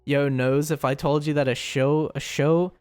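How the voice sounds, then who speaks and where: A man's voice: on the high side, fairly even intonation, normal speed, darkish tone, clean tone, no echo, faint music behind. A young man streamer in casual chat, rambling and joking, often stumbling and repeating words.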